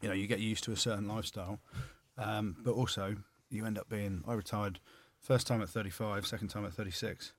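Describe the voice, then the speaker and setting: Teasing low-voiced man in rugby banter. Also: a little fast, hardly any pauses, no echo. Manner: teasing, loud and lively when joking. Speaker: former rugby player and podcast co-host. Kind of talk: casual banter.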